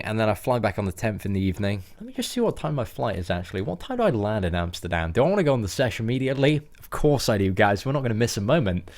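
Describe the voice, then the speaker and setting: A young man, chatting in a rambling, slangy way while livestreaming a game from home. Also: lowish voice. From England. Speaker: gaming livestreamer. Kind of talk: casual livestream chat.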